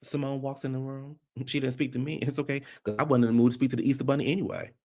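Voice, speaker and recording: A man reviewing a reality TV episode in casual commentary, ranting in an animated, profane way. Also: mid-range voice, racing.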